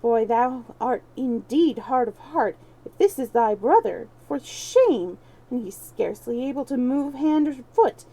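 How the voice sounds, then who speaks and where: A woman's voice: fairly high pitch, sing-song, measured pace, warm tone, exaggerated voice, poor audio. A woman voicing a kindly, gullible man who fusses and exclaims with pity. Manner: fussing, pitying exclamations. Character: kindly fussing man stranger, easily fooled.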